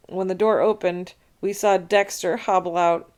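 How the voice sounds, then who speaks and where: A woman reading a children's chapter book aloud, narrating with expressive storytelling. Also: on the low side, normal speed, clean tone.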